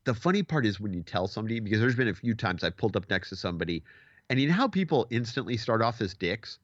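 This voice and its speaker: A man's voice: on the low side, fast, dry recording. A man in casual podcast chat, telling stories with lots of swearing and acting out what other people said. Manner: animated storyteller, acts out quoted people, swears casually. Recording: dull lo-fi dry sound.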